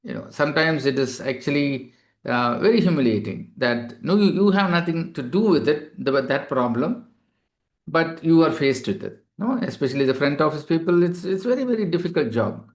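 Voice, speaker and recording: A male doctor giving a webinar lecture to healthcare staff, explaining patiently and filling pauses with "you know". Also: fairly high pitch, animated.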